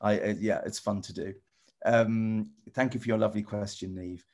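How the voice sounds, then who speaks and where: A middle-aged man chatting casually with children over a video call, rambling and halting with lots of restarts. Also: on the low side, fairly even intonation, a little mellow. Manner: rambling, halting, full of restarts and "you know". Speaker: celebrity guest answering children's questions. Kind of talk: casual friendly chat with children.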